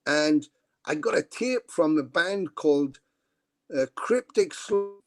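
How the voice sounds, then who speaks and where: A middle-aged man tells long, rambling stories in a casual interview, with a slightly high voice and a very dry sound. He fills gaps with "uh" and "you know" and swears casually, speaking over a video call. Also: animated, takes it slowly, no echo. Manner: rambling anecdotes, frequent fillers and casual swearing. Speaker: guest musician.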